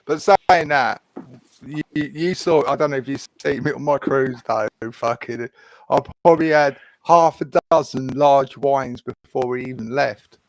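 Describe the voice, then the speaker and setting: A man chatting casually, blunt and animated, repeating himself as he talks. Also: mid-range voice, a little slow, no room sound, rough recording. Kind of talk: casual chat.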